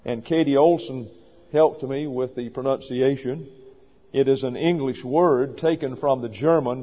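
A man's voice: mid-range voice, fairly even intonation. Older man preaching in a reverberant hall. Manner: measured, deliberate teaching delivery. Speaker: pastor. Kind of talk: sermon. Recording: muffled recording with long reverb.

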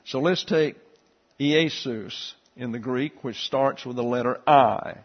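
A man teaching a Bible class, explaining Greek letters and a verse in a steady, explanatory way with frequent fillers. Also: medium pitch, takes it slowly, lo-fi sound.

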